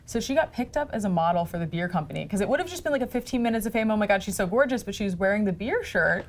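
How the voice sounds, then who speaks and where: A woman's voice: medium pitch, sing-song, rapid-fire. A woman hosting a podcast, recounting celebrity stories in a chatty, gossipy way. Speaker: podcast host. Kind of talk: casual chat.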